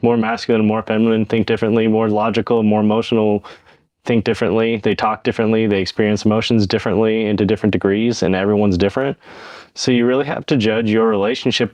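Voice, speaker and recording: A man's voice: on the low side, no echo. A man co-hosting a podcast, talking casually and earnestly about relationships, explaining his points at length and acting out the lines people say to each other. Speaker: podcast co-host. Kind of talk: casual relationship-advice chat.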